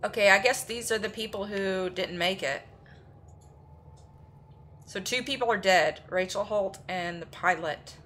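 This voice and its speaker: Bright-voiced woman streamer reacting to a game. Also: medium pitch, unhurried, pauses often, a little hiss or hum. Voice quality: reads aloud and reacts with exclamations. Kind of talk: live game commentary.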